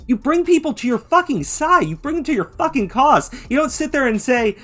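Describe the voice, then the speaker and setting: A man's voice: sits high, very animated, moderate pace, fairly bright tone, faint music behind. A man hosting an angry reaction commentary, ranting with heavy profanity and mocking others in put-on voices. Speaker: commentary channel host.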